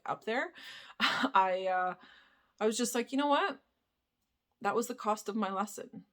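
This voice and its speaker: A young woman talks straight to her viewers in a loose, chatty vlog monologue. Her voice sits at a middle pitch, and she fills her sentences with "like" and drops the odd swear word. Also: fairly bright tone. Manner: chatty, lots of "like", swears casually. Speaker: spiritual vlogger. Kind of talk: casual storytelling monologue.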